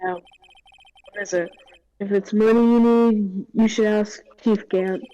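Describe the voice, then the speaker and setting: A woman's voice: mid-range voice, steady tone, slow pace, mellow, no room sound, lo-fi sound, lightly acted. Gumshoe, a woman doing a goofy detective. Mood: explaining. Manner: funny put-on voice. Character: bumbling good-natured male detective. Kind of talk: fan voice-over of a game.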